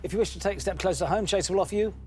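A man hosting a quiz show, brisk, upbeat and teasing. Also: high voice, background noise.

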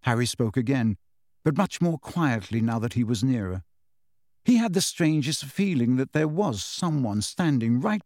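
A man narrating a storybook in an expressive, measured reading. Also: medium pitch, dry recording, clean studio sound. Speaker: audiobook narrator.

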